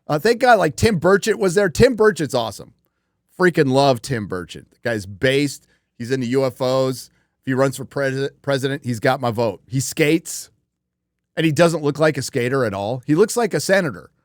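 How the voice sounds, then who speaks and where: A man's voice: mid-range voice, lively intonation, moderate pace, no echo, studio quality. A man hosting a livestream show, talking casually in a rambling, profane way with many fillers. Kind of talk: casual chat.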